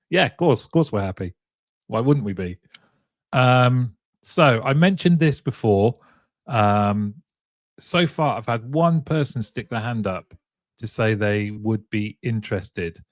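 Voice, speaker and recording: A man's voice: lowish voice, dry recording, studio quality. A man hosting a casual live-streamed talk show, chatting, reading out viewer comments and often chuckling. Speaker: show host.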